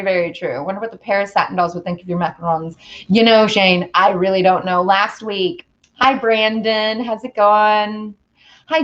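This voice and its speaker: A woman's voice: mid-range voice, lo-fi sound. A woman hosting a casual baking livestream from her home kitchen, chatting bubbly with viewers and reading their comments. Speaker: baking livestream host and singer.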